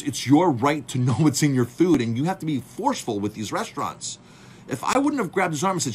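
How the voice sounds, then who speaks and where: A chef telling a story to his viewers in a casual, animated way, acting out the dialogue and calling his audience "folks". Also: mid-range voice, a little fast, slight background noise. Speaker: chef and speaker.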